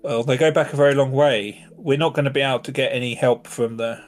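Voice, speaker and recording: A man's voice: medium pitch, fairly even intonation, brisk. Man, game master, hesitant rambling delivery, faint background music. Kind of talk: narrating and voicing a tabletop game.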